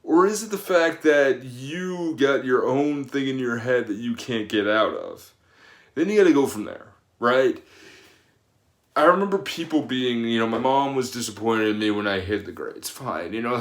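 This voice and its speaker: A man's voice: mid-range voice, lively intonation, normal speed, reverberant. A man in his thirties, a personal trainer, giving casual advice in a rambling way with many fillers and restarts. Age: 30s.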